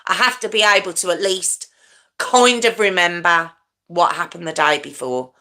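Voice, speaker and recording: A woman's voice: on the low side, moderate pace, bright, forceful tone. A middle-aged woman hosting a true crime livestream, chatting casually and stumbling over her words as she corrects herself. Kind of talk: rambling casual live chat.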